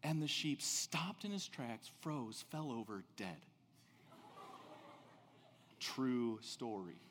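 A man preaching a sermon as pastor, telling stories with big swings between loud and soft. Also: takes it slowly, big-room sound, a little hiss or hum. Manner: animated storytelling, big swings in pitch and loudness.

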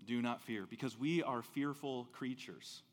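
A man preaching a sermon as pastor, telling stories with big swings between loud and soft. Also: a little slow, long reverb tail. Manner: animated storytelling, big swings in pitch and loudness.

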